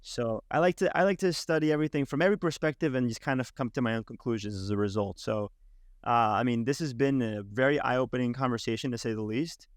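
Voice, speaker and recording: A man's voice: mid-range voice, quick pace, dry recording, studio quality. Man hosting, hesitant with many restarts. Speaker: podcast host. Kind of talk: conversational interview.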